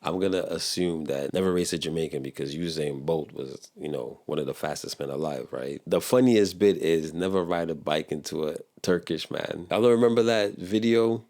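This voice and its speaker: A man's voice: very deep voice, normal speed, few pauses, darkish tone. A young American man hosting a reaction video, talking in a laid-back, rambling way full of slang and laughter. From United States. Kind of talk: casual commentary.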